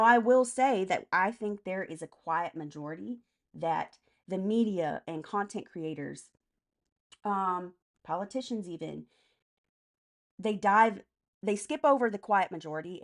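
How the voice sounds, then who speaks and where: A woman's voice: mid-range voice, creaky. A woman hosting a casual political live stream, answering chat comments by name in a blunt, profane way.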